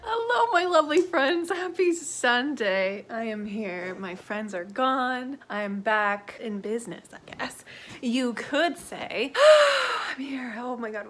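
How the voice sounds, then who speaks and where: A young woman chatting casually in a book vlog, stuffy-nosed from crying, emotional and laughing often, sometimes dropping to a soft whisper. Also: on the high side, slight background noise. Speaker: book vlogger.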